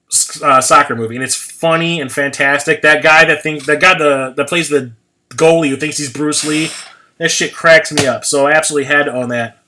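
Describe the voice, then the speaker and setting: A fairly high, pushed, bright voice belongs to an American man in his forties who chats casually on a livestream as its host. He rambles, swears freely, and laughs at himself.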